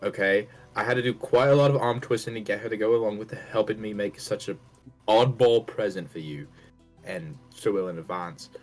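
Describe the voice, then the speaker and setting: A man's voice: fairly low pitch, moderate pace, a little mellow, faint music behind, natural voice. A man voicing an eager, adventurous young letter writer in a put-on British accent, hammy and breaking into laughs.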